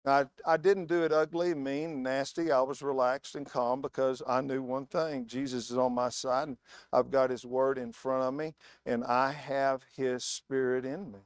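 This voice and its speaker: A man's voice: mid-range voice, steady tone, moderate pace, no room sound. A man preaching a sermon in a church, telling stories with emphatic, word-by-word stress. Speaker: guest preacher.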